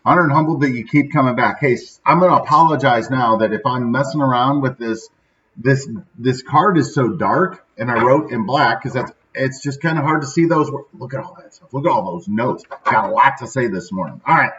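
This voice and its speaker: A man's voice: mid-range voice, brisk, fairly bright tone, slight background noise. A man in his thirties from central Illinois, who hosts a daily motivational show in a rambling, upbeat way and often tags on "right?". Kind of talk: casual motivational talk. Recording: slightly dull, lo-fi sound.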